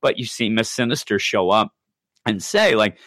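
Bright animated guy recapping comics on a podcast, dry close sound. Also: fairly low pitch, normal speed, no room sound. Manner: animated, acts out character voices, chuckles often. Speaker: podcast co-host. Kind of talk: casual comic book recap.

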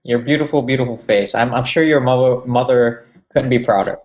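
A man's voice: mid-range voice, a little fast, muffled recording. A man co-hosting a casual podcast chat, dropping dry teasing quips. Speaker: podcast co-host.

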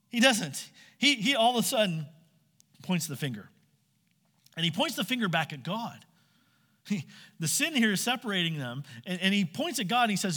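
Male pastor, sermon delivery, bright tone, reverberant hall. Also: a little high, big pitch swings, a little fast. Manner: acts out quoted voices, direct questions to listeners.

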